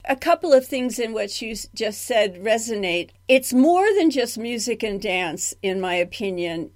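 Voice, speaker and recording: A woman interviewing a guest, speaking in a reflective, thoughtful way and dwelling on the meanings of words. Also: fairly high pitch. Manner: reflective, talks about word roots. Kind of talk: radio interview.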